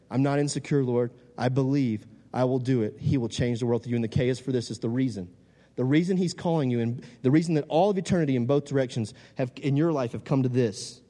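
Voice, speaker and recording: A young man preaching a sermon. He moves from loud exhortation to quiet, casual storytelling. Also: mid-range voice. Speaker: youth preacher. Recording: long hall reverb.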